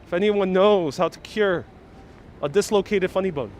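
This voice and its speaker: A sarcastic, playful man hosts a live stream outdoors on a city street, laughing between jokes. His voice sits a little high, with faint traffic behind it on a wireless lapel mic. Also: normal speed. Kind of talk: joking live walking stream.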